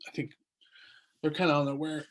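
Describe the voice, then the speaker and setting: A man's voice: on the high side, level tone, normal speed. A young man hosting a podcast alone, rambling and indignant, with lots of fillers and restarts, saying he is tired. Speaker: podcast host. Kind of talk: casual solo commentary.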